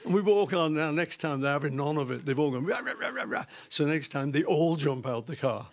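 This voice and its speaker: A man, a guest in an interview, telling a story in a lively way, laughing and acting out the voices of the people in it. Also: fairly high pitch, a little fast. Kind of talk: casual anecdote telling.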